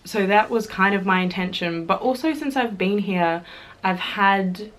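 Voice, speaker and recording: A woman's voice: mid-range voice, unhurried, a bit bright. A young Australian woman chatting casually to camera in a vlog, bubbly and chatty with fillers and giggles. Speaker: YouTuber.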